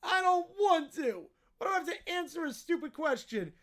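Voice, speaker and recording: A man voicing an entitled little boy throwing a whining, yelling tantrum. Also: extremely high pitch, lively intonation, normal speed.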